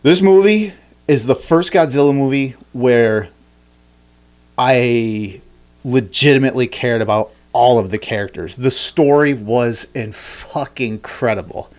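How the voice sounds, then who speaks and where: A man hosting a podcast, telling a story in a rambling, animated way, with many restarts and fillers. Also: medium pitch, measured pace. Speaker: podcast host. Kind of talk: casual chat.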